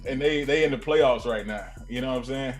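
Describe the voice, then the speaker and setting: A man's voice: medium pitch, a little fast, faint music behind. A laid-back man co-hosting a sports podcast, talking loosely with many "you know"s. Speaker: podcast co-host. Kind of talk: casual sports chat.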